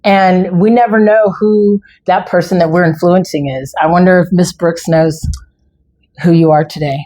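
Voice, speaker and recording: A woman with a somewhat low voice hosts an interview. She asks questions chattily and keeps up a stream of affirming reactions. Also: fairly even intonation, moderate pace, warm tone. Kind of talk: interview conversation.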